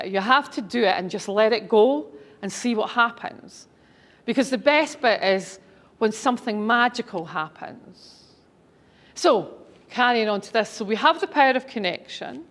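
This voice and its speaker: A middle-aged woman speaker with a slightly high voice shares a personal story with an audience. Her delivery is chatty and enthusiastic, full of asides. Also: fairly bright tone. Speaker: speaker and author.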